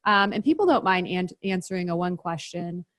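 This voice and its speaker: A woman guest on a podcast, explaining her business practices in a brisk, practical, step-by-step way. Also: fairly low pitch, lively intonation, fairly bright tone. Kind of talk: interview, explaining.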